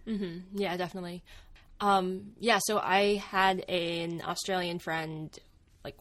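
A young adult woman co-hosting a casual talk show, working on her thesis, chatty and quick to laugh. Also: on the low side, steady tone, fairly bright tone. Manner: chatty, uses many fillers, laughs often. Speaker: co-host. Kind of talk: casual chat.

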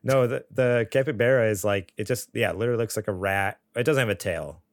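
A man, hosting a casual chat and reading chat comments aloud in a relaxed way. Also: on the low side, fast talker, no room sound, clean studio sound. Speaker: podcast host reading live chat.

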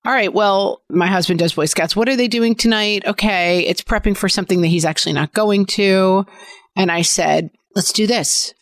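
A middle-aged woman co-hosts a podcast in a casual, candid manner and slips into her kids' voices as she tells stories. Her voice sits a little low, and the recording is dry and close, with no room sound. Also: no echo. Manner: candid, conversational, acts out her kids' lines. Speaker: podcast co-host. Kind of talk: casual parenting chat.

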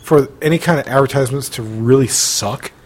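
A man's voice: medium pitch, brisk, slight background noise. A man from Southern Utah co-hosting a podcast, making wry remarks in casual talk. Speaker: podcast co-host. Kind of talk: casual banter.

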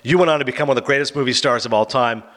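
A man hosting a casual chat, giving quick, opinionated retellings of an awards night. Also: medium pitch, a bit bright. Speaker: podcast host.

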